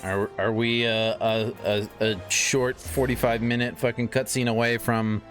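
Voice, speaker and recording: A man's voice: medium pitch, little pitch movement, a little slow, fairly bright tone, soft background music. A man streaming a video game, chatting casually with viewers, rambling and swearing with lots of restarts. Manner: rambling, profane, stumbling restarts. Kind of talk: casual gameplay chat.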